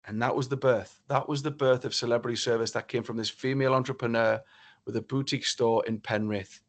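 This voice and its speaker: A man from northeast England giving a motivational keynote talk, telling a story in an animated, theatrical way. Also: medium pitch, a little fast. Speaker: keynote speaker.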